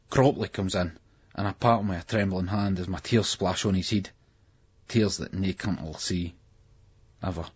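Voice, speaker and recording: A man narrating a first-person novel in a raw, gritty way, with a husky voice. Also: low voice. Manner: gritty, raw delivery with heavy swearing. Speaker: audiobook narrator. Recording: muffled lo-fi audiobook recording.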